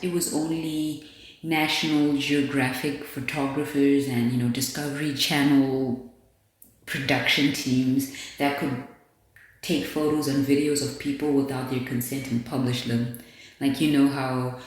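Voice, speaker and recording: A woman's voice: extremely low pitch, fairly even intonation, a little slow, darkish tone. A woman hosting a podcast, talking bluntly and candidly in a casual monologue, with plenty of swearing. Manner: candid, blunt, profane commentary. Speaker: podcast host. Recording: very echoey room.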